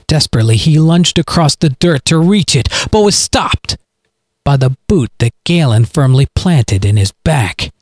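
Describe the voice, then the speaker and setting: A man reading his own audio story aloud as its narrator, in a dramatic, expressive way. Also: fairly high pitch, moderate pace, breathy edge, no echo, studio quality. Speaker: podcast author and narrator.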